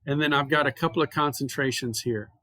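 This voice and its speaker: Speaking quickly with a bright, forceful tone, a male chemistry professor walks his university class through calculations one step at a time. His voice is medium-pitched with fairly even intonation, and the recording has no room sound. His style is conversational and explanatory.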